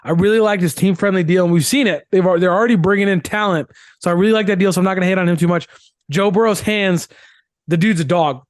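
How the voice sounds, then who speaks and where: A man with a notably high voice talks sports on a podcast, opinionated and emphatic. He comes back to the same point again and again to drive it home. The sound is dry and close. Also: fast talker, dry recording. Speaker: podcast co-host. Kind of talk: casual sports chat.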